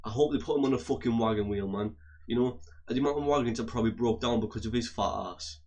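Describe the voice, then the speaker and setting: A man of average pitch delivers a heated, profane rant straight to his viewers. He keeps circling back, repeating and restarting his phrases as he talks. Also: fast talker, darkish tone. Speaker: vlogger. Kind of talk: angry profane rant to camera.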